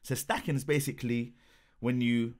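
A man, a boxing coach in casual chat, telling a story with lively acted quotes. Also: mid-range voice, normal speed.

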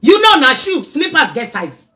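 A middle-aged Nigerian woman chatting casually in a reaction vlog, animated and scolding by turns. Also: high voice, normal speed. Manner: animated, mixes pidgin and Yoruba, scolding asides. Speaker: social media commentator.

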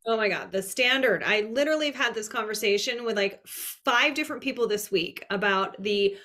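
A woman's voice: medium pitch, fairly quick, few pauses, pushed and bright. A woman from Canada hosting an interview, chatty and upbeat with lots of fillers. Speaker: podcast host, fitness and nutrition coach. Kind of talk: casual interview chat.

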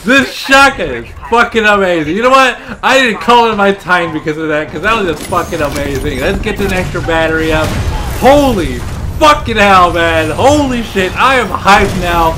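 Excitable high-voiced gamer guy. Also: moderate pace, background noise. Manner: excitable, swears often, laughs and shouts at big kills. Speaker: gamer commentating his own gameplay. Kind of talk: let's play commentary.

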